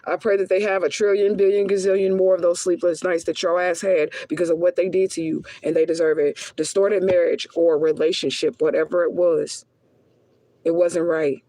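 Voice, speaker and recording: A woman's voice: lowish voice, little pitch movement, moderate pace, warm tone, no echo. A woman spiritual reader giving a casual reading, talking in a blunt, profane way and repeating herself with heat for emphasis. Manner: emphatic, heated repetition.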